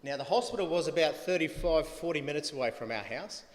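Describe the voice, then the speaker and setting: A man's voice: on the high side, animated, quick pace. A middle-aged man with an anecdotal, storytelling manner, giving a eulogy for his mother at a funeral. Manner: storytelling, chuckling at his own stories. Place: funeral venue hall. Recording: echoey livestreamed hall.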